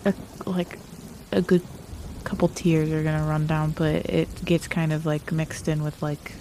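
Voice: medium pitch, level tone, a little slow, warm tone, a little hiss or hum. A player at a tabletop role-playing game, speaking hesitantly with many fillers. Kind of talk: casual tabletop play.

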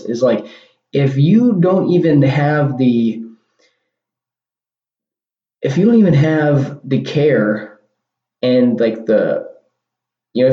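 A man with a dark, mid-range voice hosts a casual solo podcast, rambling and regularly repeating and restarting what he says. It's recorded with dull, lo-fi sound in an echoey room.

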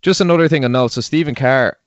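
A man's voice: mid-range voice, fast, no room sound. A man with an Irish accent co-hosting a podcast, recounting events in casual chat. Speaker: podcast co-host. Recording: dull lo-fi sound, dry.

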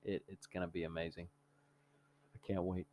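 A man co-hosting a podcast in a studio, excitable and quick to laugh in casual chat. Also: sits low, slight background noise. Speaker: podcast co-host.

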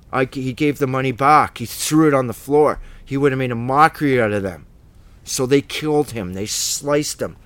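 A man teaching the Bible in an informal, emphatic way, rambling with restarts and asides. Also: medium pitch.

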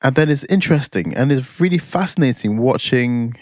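A man's voice: mid-range voice, animated, brisk, darkish tone, no echo. A man, co-hosting a casual podcast with joking, dry, teasing humour. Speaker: podcast co-host. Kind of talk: casual chat.

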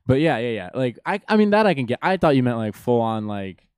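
A man's voice: medium pitch, very animated, fairly quick, a little mellow, smooth, dry recording, clean studio sound. A man hosting a podcast in casual chat, laughing often as he tells stories back and forth with a friend. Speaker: podcast host.

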